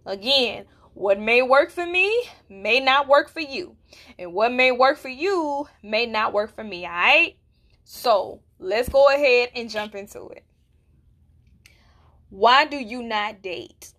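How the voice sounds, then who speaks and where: A woman talks straight to her podcast listeners. Her voice is bright and forceful and sits a little high. She speaks bluntly and keeps asking whether they understand what she means. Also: expressive, takes it slowly. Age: 20s. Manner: candid and blunt, with rhetorical check-ins. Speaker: podcast host. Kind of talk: casual solo podcast talk.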